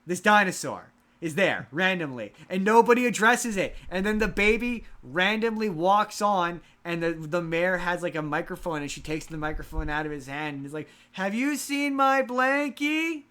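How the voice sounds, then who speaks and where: A man's voice: fairly high pitch, normal speed, a bit bright. A man hosting a casual podcast, animatedly retelling a story and acting out the characters' lines. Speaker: podcast host.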